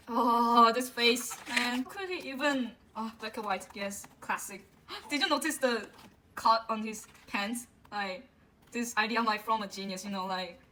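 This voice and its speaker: A woman unboxing a music album and gushing over it in a casual way, with frequent gasps and a drawn-out delivery full of fillers. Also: a little high, slight background noise, low-quality recording. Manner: excitable, gasps often, gushing. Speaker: vlogger.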